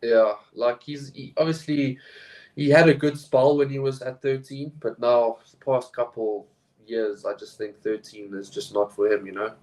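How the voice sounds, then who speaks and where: A man co-hosting a casual sports podcast, talking in halting bursts with many fillers and restarts. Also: medium pitch, steady tone, darkish tone, low-quality recording. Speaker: podcast co-host. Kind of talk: casual rugby chat.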